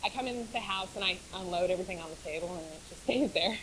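A woman's voice: fairly low pitch, quick pace, noisy background. A woman sharing a personal faith testimony in a chatty storytelling way, often laughing and repeating words for emphasis. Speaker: speaker sharing her testimony.

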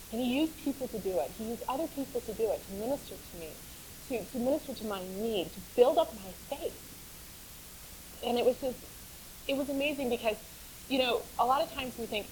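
A woman tells her own faith testimony in a loose, conversational storyteller's voice. Her pitch sits in a middle range, neither high nor low. She laughs often and repeats words to drive a point home. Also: slight background noise, rough recording. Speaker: speaker sharing her testimony.

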